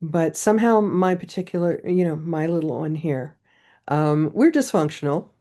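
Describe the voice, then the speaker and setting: A woman's voice: deep voice, animated, normal speed, warm tone. A woman poet, a guest in a casual interview, telling stories in a chatty way. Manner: chatty storytelling.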